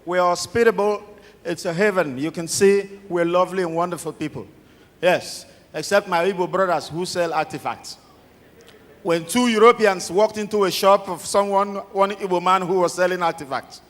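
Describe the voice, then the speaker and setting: A Nigerian man tells jokes from the stage of a large awards hall, his fairly high voice trailing off into a long reverb. He is an animated storyteller who calls out to the crowd for a response. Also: normal speed. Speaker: stand-up comedian. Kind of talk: stand-up joke telling.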